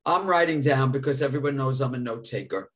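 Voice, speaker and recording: A man's voice: mid-range voice, a little fast, a bit bright. Male podcast co-host, mid-range voice, effusive and emotional. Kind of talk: live podcast chat.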